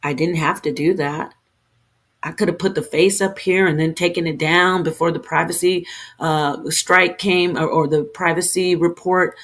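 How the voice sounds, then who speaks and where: Woman, lowish voice, livestream rant, heated, defensive, rambling, restarts mid-sentence. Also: fairly even intonation, moderate pace, a bit bright. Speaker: streamer. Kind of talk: unscripted livestream rant to camera.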